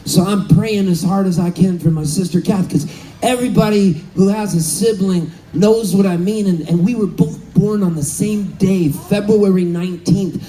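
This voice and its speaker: A man in his fifties from Southern California, telling a story on stage between songs, animated and laughing, calling out to the crowd. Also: high-pitched, moderate pace, low-quality recording. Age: 50s. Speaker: musician. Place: live concert stage.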